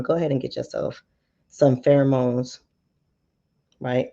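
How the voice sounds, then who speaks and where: A woman hosting her channel in a casual monologue, lively and joking, with slang and frequent laughter. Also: extremely low pitch, measured pace. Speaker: channel host. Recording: slightly dull lo-fi audio.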